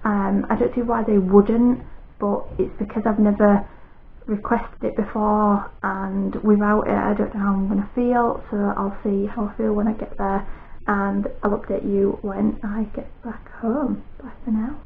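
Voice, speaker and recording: A woman's voice: medium pitch, flat delivery, a little slow, vocal fry. A British woman vlogging in casual chat to camera, telling her story in a rambling, anxious way. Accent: British English. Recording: tinny phone-like sound with faint noise.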